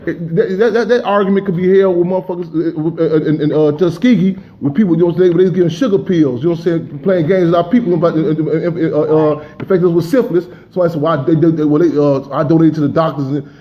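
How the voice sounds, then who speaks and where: A man's voice: a little high, fast, few pauses, muffled recording, a little hiss or hum. A man hosting a political talk radio show, speaking with passion and often saying "you know what I'm saying".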